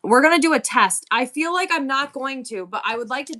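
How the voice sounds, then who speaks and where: A woman's voice: high-pitched, animated, a little fast, hardly any pauses, sharp tone. A woman hosting a casual livestream, talking candidly and bluntly, rambling with many restarts. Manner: blunt and swears freely. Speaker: livestream seller and host.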